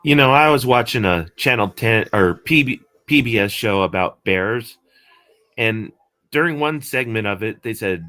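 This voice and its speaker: A man's voice: on the low side, animated, normal speed, pushed and bright. A man on a livestream in casual chat, cracking jokes and telling a funny story. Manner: joking storyteller.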